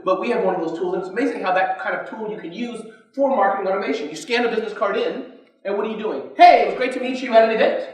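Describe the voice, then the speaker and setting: A man giving an energetic business talk at a conference, constantly asking the audience questions. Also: high-pitched. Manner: energetic, keeps quizzing the audience. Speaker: conference speaker. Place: conference hall. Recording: echoey hall, distant mic.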